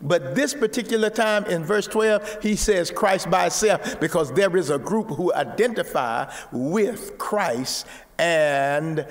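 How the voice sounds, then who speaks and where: A man preaching a sermon, repeating words and rising to shouts. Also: sits high, animated, slow, in a large hall. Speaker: pastor.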